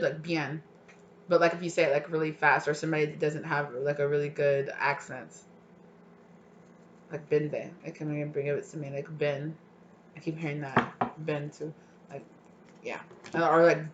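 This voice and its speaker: Tarot reader rambling thru a pick a card reading, tons of likes, gets all excited, kinda muffled audio. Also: mid-range voice, noisy background. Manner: chatty, rambling with many filler likes, sudden excited bursts.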